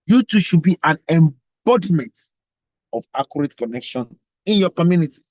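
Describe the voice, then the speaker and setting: A man's voice: mid-range voice, no echo, rough recording. Male leader, preachy and repetitive, dry close recording. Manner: emphatic, repetitive, rhetorical questions. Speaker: global president of organization. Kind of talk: motivational address.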